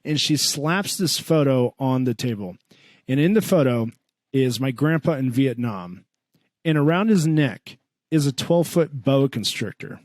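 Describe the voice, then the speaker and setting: A man's voice: a little slow, no echo, studio quality. Swearing man telling a funny story. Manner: animated, swears a lot, voices his mom in a high pitch. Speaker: podcast co-host. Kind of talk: comedic storytelling.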